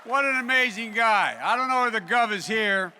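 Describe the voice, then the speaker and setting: Older man, bright loud convention speech. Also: sits high, normal speed, slight background noise. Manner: loud, folksy, raises voice over applause. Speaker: political speaker. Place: large convention hall.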